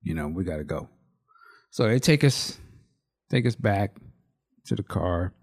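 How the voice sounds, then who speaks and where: A man's voice: deep voice, expressive, unhurried, darkish tone, breathy edge. A man in his thirties, a podcast co-host, telling a story in loose, rambling casual chat.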